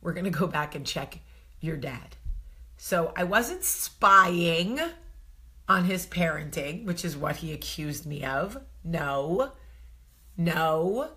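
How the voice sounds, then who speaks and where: A woman in her thirties with a New Jersey accent, telling a story to camera in a casual vlog, animated and often laughing. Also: low voice, slow pace. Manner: animated, swings to loud exclaiming, laughs often. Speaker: vlog host.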